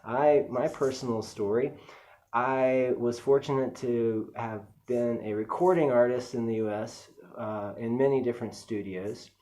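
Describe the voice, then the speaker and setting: A man's voice: medium pitch, steady tone, measured pace, dark tone. A man giving a casual music lesson, chatty and easygoing, with frequent fillers as he explains technique. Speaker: music teacher. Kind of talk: casual instructional talk.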